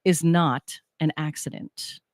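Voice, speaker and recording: A woman co-hosting a casual morning radio show, chatty and rambling, with a husky morning voice. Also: low-pitched, fairly even intonation, slow, dry recording, clean studio sound. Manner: chatty, laughing, rambling asides. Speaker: radio co-host. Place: radio studio.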